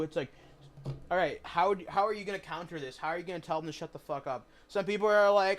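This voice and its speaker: A man's voice: a little high, fast. Rambling, opinionated young man streaming a game. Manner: rambling, opinionated, swears freely. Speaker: gaming streamer. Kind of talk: casual gameplay commentary.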